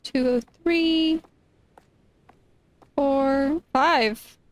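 A woman's voice: sits high, extremely slow, no echo. A young woman streaming a game, chatting casually, reading game text aloud and exclaiming often. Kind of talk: casual gameplay commentary.

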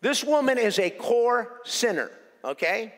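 A male pastor preaching a sermon in an animated, joking way, repeating phrases for emphasis. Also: very high voice, unhurried. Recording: echoey hall reverb.

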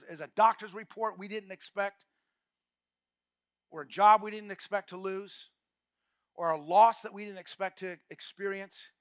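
An older man preaching a sermon as pastor, emphatic, repeating key phrases and swinging from quiet asides to shouts. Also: sits high, no echo, clean studio sound. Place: church.

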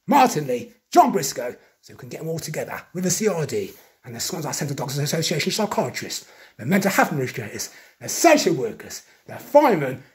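Man ranting with a lively pitch. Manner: agitated ranting, ends nearly every phrase with a questioning "yeah?"; accusatory, lists names and grievances in rapid repetition. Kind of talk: monologue vlog.

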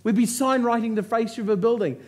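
A motivational speaker with a very high, slightly mellow voice talks fast as he addresses a live audience from the stage. He tells his story through humorous, punchy storytelling full of jokes.

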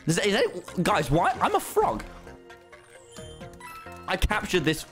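Guy yelling and joking at chat over a game, voice jumps around a lot, bit high, faint game music behind. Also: takes it slowly. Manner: excitable, swearing, joking at chat. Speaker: streamer. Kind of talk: live gameplay commentary.

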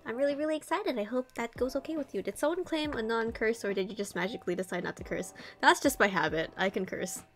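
A woman's voice: on the high side, fast, hardly any pauses. A woman streaming a game, chatting in a playful, giggly, mock-dramatic way. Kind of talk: casual gaming stream chat.

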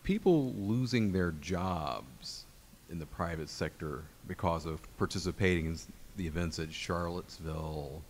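Very deep-voiced man asking a question. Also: normal speed, slight background noise. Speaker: audience member asking a question. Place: law school lecture room.

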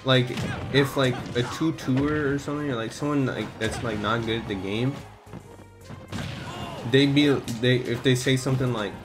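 A young man chatting casually while streaming a game, slangy and excitable, swearing freely. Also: mid-range voice, normal speed. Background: game music.

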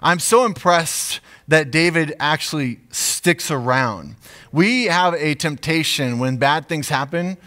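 A man, a pastor, preaching a sermon in an animated storytelling way, acting out asides. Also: fairly high pitch, slow.

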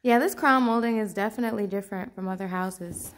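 A woman's voice: mid-range voice, quick pace, a little hiss or hum. A woman giving brief, casual replies while touring a house. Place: indoors, house tour.

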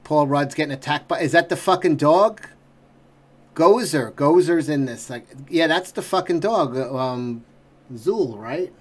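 A man's voice: a little high, measured pace, slight background noise. A middle-aged man hosting a trailer reaction, ranting in exasperation and swearing constantly. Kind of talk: profane ranting commentary.

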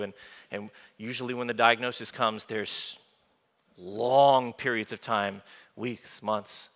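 A male pastor preaching an informal, animated sermon in a church, with joking asides to the congregation. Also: medium pitch, takes it slowly. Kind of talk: conversational sermon. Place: church sanctuary. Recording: long hall reverb from a church room.

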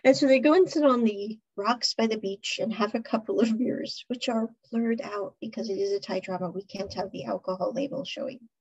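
A woman hosts a podcast and recaps an episode in a loose, chatty ramble, laughing often as she goes. Her voice sits fairly high with a breathy, husky edge. The recording sounds muffled and lo-fi. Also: a little fast, few pauses. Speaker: podcast host.

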